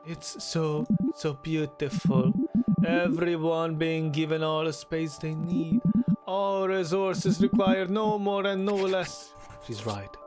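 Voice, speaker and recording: A man streaming a story game, reading its text aloud and chatting, often halting and restarting. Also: fairly high pitch. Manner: halting, with many restarts and fillers; shifts to a louder, animated voice when reading and acting out lines.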